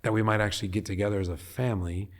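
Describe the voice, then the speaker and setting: A middle-aged man from Long Beach, California, talking as a guest on an interview podcast in an earnest, animated way. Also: lowish voice, racing. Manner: earnest and animated, often acting out what people say. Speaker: guest, head of a nonprofit.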